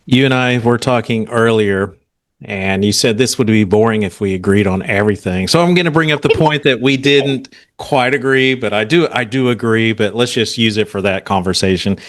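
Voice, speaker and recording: A man's voice: lowish voice, normal speed, a bit bright. A man hosting a podcast interview, easygoing and conversational. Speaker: podcast host.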